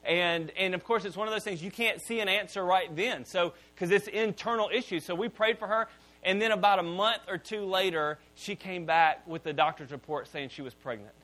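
A man with a high, bright voice preaches. He tells stories in an animated way, often restarting his sentences. His tone stays bright and forward throughout. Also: moderate pace. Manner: animated storytelling with repeated restarts. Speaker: pastor. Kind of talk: sermon.

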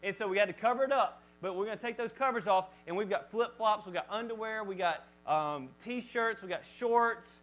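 A male pastor preaching a sermon to his congregation in church, talking in a lively, chatty way and joking with the crowd. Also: high-pitched, moderate pace, hardly any pauses, poor audio. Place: church service before a congregation.

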